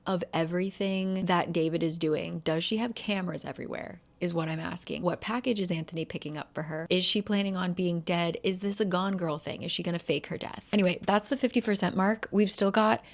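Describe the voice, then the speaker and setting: A young woman with a slightly low voice talks through a thriller she is reading, recapping the plot in a casual, chatty way. She throws in asides and the odd swear word, like she is confiding in a friend. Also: fairly even intonation, brisk, vocal fry, hardly any pauses. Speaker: book vlogger. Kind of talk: casual reading vlog with read-aloud passages.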